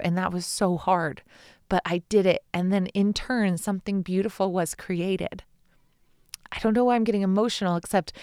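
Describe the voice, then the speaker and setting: Woman in her 30s doing a solo podcast, smooth clear voice, dry close sound, gushing and heartfelt. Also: medium pitch, dry recording. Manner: enthusiastic, heartfelt, rambling. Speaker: podcast host. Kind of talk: casual solo podcast talk.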